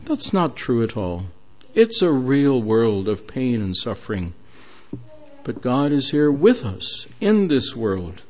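Slow-speaking man preaching a sermon. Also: medium pitch, very animated, a little mellow. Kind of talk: sermon storytelling. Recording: dull lo-fi recording.

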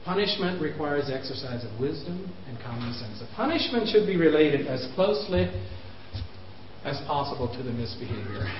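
Animated man in his fifties lecturing. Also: a little high, moderate pace, a little hiss or hum. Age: 50s. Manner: animated, voice swings up for emphasis, chuckles at himself. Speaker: speaker on parenting. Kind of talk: lecture to parents. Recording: roomy, dull lo-fi recording.

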